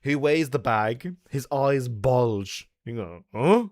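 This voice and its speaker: Animated man telling stories. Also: medium pitch, takes it slowly, no echo, clean studio sound. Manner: animated, swearing, laughing often. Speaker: YouTuber. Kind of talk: casual livestream chat and storytelling.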